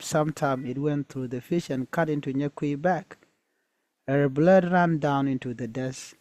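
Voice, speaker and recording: Slow, mellow-voiced man reading a folktale. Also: on the high side, no room sound. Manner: hesitant, with many fillers. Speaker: storyteller and teacher.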